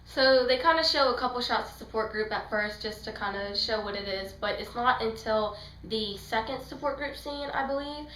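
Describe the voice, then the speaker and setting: This young woman, a book and film reviewer, gushes and rambles about a movie, performing the scenes she describes in quoted voices. Her voice is highish, pushed and bright, captured in poor audio with an echoey room.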